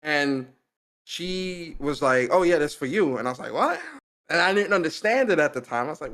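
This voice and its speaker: Animated young man telling a story. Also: fairly high pitch, moderate pace. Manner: animated, laughing, slangy storytelling. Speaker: podcast co-host. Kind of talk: casual storytelling chat.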